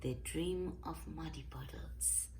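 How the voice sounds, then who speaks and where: A woman reading a picture book aloud to children with gentle, expressive storytelling. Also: low voice, slow, background noise.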